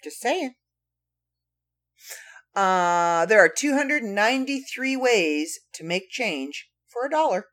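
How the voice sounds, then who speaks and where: Woman podcaster reading fun facts, slow and drawn out, pitch bouncing all over, jokey little asides. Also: expressive, fairly bright tone. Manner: playful, wry asides to listeners. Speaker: podcast host. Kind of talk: casual solo podcast, reading trivia.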